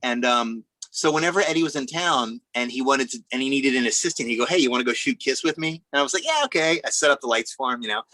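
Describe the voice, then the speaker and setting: A man, a musician guest, casually telling animated anecdotes and acting out the voices of people in them. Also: medium pitch, quick pace, hardly any pauses, dry recording, low-quality recording. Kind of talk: casual storytelling chat.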